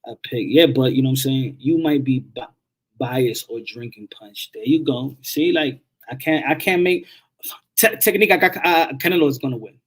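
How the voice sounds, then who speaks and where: A man hosting a boxing channel, giving casual live-stream commentary, animated, often repeating words and swearing freely. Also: mid-range voice, moderate pace.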